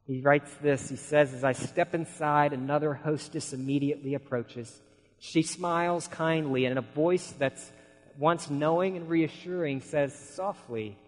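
Male preacher in a reverberant hall. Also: fairly high pitch. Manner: dramatic storytelling, swinging from hushed to shouting. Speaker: pastor. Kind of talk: sermon.

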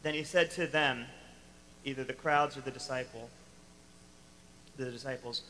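A man preaching a sermon to a congregation, animated and emphatic, acting out the lines he quotes. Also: mid-range voice, normal speed, pauses often, big-room sound, a little hiss or hum, low-quality recording. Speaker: pastor.

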